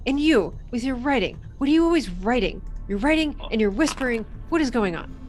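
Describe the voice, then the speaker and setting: A woman's voice: fairly high pitch, expressive, a little mellow, soft background music, pitched above the performer's own voice, natural voice. A woman voicing a suspicious, accusing woman investigator in a tabletop horror game. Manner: rapid, accusatory.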